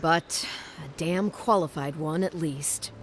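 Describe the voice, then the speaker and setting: A woman's voice: deep voice, slow, slight background noise. An actress playing a harried female guard captain in a game, weary and apologetic.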